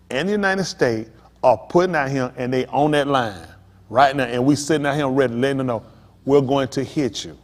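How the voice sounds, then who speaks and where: A male pastor preaching a sermon, talking straight to the congregation with emphatic, pressing questions. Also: medium pitch. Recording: long hall reverb.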